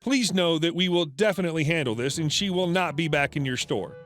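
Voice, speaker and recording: A woman's voice: sits low, a little fast, soft background music, natural voice. A man voicing a polite, apologetic woman HR director speaking on the phone.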